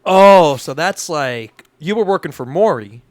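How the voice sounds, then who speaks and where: A man's voice: fairly high pitch, animated, unhurried, dry recording, clean studio sound. A man in casual podcast chat, teasing his friend and cutting in with questions. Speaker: podcast co-host.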